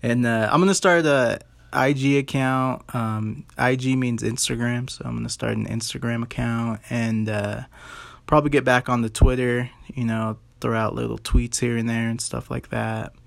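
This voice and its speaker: Profane, rambling male podcast host with a gravelly voice, recorded dry and close. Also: medium pitch, normal speed, no room sound. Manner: rambling, profane, animated retelling. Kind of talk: casual storytelling podcast.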